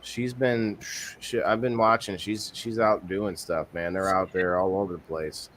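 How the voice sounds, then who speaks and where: Low-voiced rambling male podcast host. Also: little pitch movement, measured pace, fairly bright tone, slight background noise. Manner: rambling, restarts often, reads viewer comments aloud. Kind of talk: casual live-stream chat.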